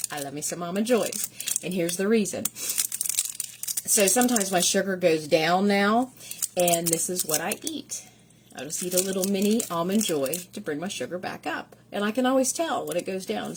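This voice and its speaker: A woman's voice: fairly low pitch, slight background noise. A middle-aged woman, a third-grade teacher, chatting casually at home in a rambling, gushing vlog. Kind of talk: casual vlog chat showing gifts.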